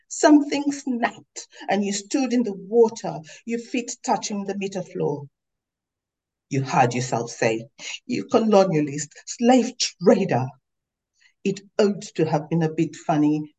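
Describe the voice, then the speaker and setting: A woman author reading aloud from her novel in a measured, literary way. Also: on the low side, dark tone, poor audio.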